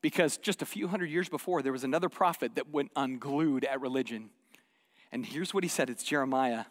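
A man preaching a sermon, animated, dropping to hushed asides and rising to loud acted quotes. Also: mid-range voice, moderate pace. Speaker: pastor. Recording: long hall reverb.

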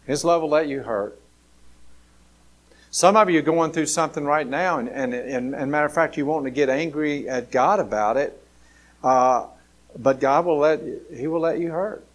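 Southern preacher with a higher voice. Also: male voice, normal speed. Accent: Southern American. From Alabama, US. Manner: conversational preaching, repeats key phrases for emphasis. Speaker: pastor. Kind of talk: sermon.

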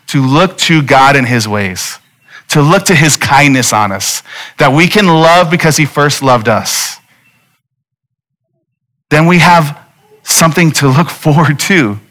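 A man's voice: on the high side, measured pace, a bit bright. A man, a pastor in his thirties, preaching a sermon in an earnest, conversational way with direct appeals to his listeners.

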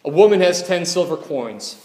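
A man's voice: fairly high pitch, expressive, moderate pace, darkish tone. A man preaching a sermon as a pastor. He talks in a conversational way and often puts rhetorical questions to the congregation. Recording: echoey hall with long reverb.

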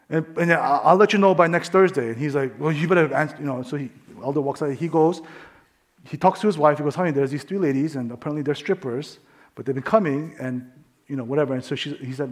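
A male preacher with a fairly high voice tells a story from the pulpit. He acts out each person in it and often sinks into soft, hushed delivery for the tender moments. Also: fast. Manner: animated storyteller, acts out quoted voices, drops to hushed tones. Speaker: pastor. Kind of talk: sermon with storytelling.

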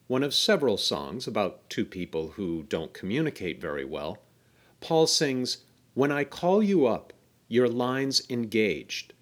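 Male podcast host, scripted narration, explanatory, wry, animated intonation. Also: mid-range voice.

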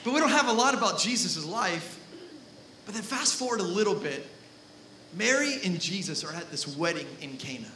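A male pastor preaching a sermon with lots of energy. He jokes with the congregation and shouts for emphasis. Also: high-pitched, roomy sound, slight background noise. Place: church hall.

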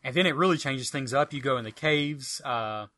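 A man's voice: mid-range voice, normal speed, pushed and bright. A man co-hosting a podcast, chatting enthusiastically about retro games with a rambling, filler-filled delivery. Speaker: podcast co-host. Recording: dry close mic.

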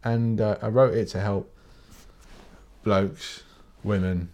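British bloke, fairly low voice, solo podcast host who rants bluntly and swears freely. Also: male voice, steady tone, takes it slowly, mellow. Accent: British English. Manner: blunt, sweary, rambling, with many restarts. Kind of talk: casual solo podcast rant.

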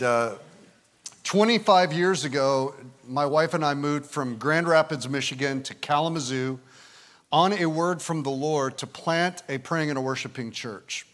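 A man in his fifties, a pastor, preaching a conversational sermon with frequent "and, uh" fillers, slowing down to read scripture. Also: a little high, a bit bright. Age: 50s. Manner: slows and lifts his voice when reading scripture. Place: visiting church service in the evening.

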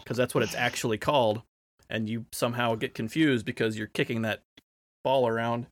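A man's voice: mid-range voice, fairly even intonation, fairly quick. A man in casual podcast chat, reasoning through points and teasing the others.

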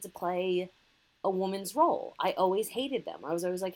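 A woman co-hosting a casual chat, expressive and a bit profane, often acting out quoted voices. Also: on the low side, normal speed, rough recording. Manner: expressive, swears, acts out voices.

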